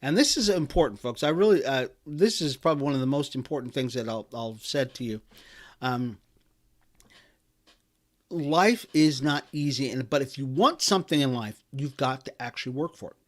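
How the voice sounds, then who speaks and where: A middle-aged man hosts a motivational podcast segment. He talks in an emphatic, pep-talk way, circling back and restarting his sentences as he drives his point home. His voice sits at an ordinary middle pitch for a man. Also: moderate pace. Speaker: podcast host.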